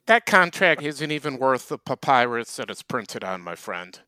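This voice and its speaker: A man co-hosting a comedy chat, delivering deadpan, mock-serious rants. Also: mid-range voice, normal speed, smooth, no echo. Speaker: co-host.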